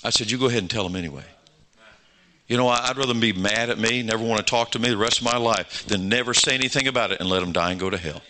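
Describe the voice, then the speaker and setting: A man, preaching a sermon. He tells stories and voices their dialogue, then presses his point with fervent calls to the congregation. His voice is very bright and forward. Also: mid-range voice, rapid-fire, hardly any pauses. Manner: storytelling preacher, acts out dialogue, rising to fervent exhortation. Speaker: pastor.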